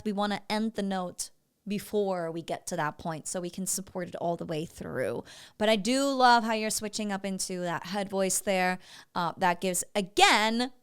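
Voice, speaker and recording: A woman's voice: a little high, clean tone. A woman vocal coach giving feedback on a student's singing, breaking into short sung syllables to demonstrate. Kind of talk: vocal evaluation commentary.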